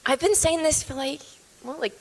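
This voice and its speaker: A woman in her thirties, an actress being interviewed, chatting in an animated, self-deprecating way with lots of laughter. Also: high voice, moderate pace. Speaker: actress guest. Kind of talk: interview chat.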